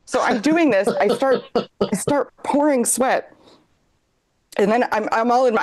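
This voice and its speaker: Woman co-host, high-ish voice, rambling comic storyteller who laughs mid-sentence. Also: moderate pace. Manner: rambling, self-deprecating, frequent "like"; laughs through her lines. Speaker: comedy show co-host. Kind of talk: live comedic storytelling.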